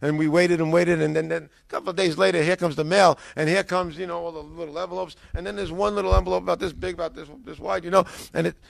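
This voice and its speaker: A man telling his own conversion story in a lively way, acting out what people said to him, with frequent restarts. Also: sits high, fast talker, vocal fry, hardly any pauses, dry recording. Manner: animated, acts out quoted dialogue, frequent restarts. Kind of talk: personal testimony, storytelling.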